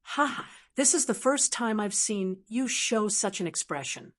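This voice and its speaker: A woman's voice: mid-range voice, expressive, measured pace, lightly acted. Woman voicing a taunting evil male demon. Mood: mocking. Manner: taunting, coldly commanding. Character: mocking cruel male demon overlord.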